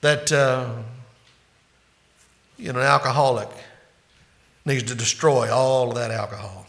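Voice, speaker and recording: A man preaching a sermon as pastor, swinging between loud, emphatic climaxes and quieter, hushed asides. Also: mid-range voice, steady tone, unhurried.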